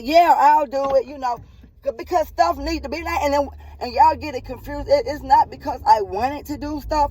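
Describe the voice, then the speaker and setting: A woman's voice: a little high, dark tone, a little hiss or hum, rough recording. A woman telling a personal story and giving earnest, preachy life advice in a heartfelt vlog, repeating herself and checking in with "okay?". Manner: repeats and restarts phrases.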